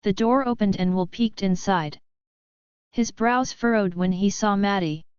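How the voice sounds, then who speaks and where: A woman narrating a romance audiobook in a soft, steady first-person read. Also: mid-range voice, unhurried, clean tone, no echo, dull audio.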